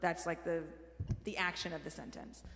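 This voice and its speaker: A woman's voice: on the low side, steady tone, moderate pace, vocal fry, fairly bright tone. A woman leading a choir rehearsal in a church, giving casual, encouraging instructions on diction and dynamics. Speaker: choir director. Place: church sanctuary. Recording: roomy hall with music behind.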